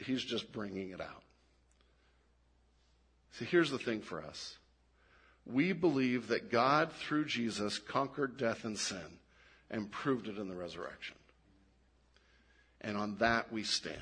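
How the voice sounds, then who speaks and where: A man preaching a sermon, animated and given to restarts, dropping low and quiet to stress his points. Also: husky. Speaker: pastor.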